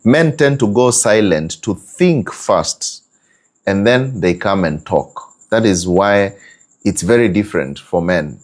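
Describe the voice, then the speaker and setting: A man's voice: on the low side, lively intonation, slow pace. A man giving a conversational relationship teaching, prodding listeners with asides. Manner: conversational, repeats and prods with hmm and eh.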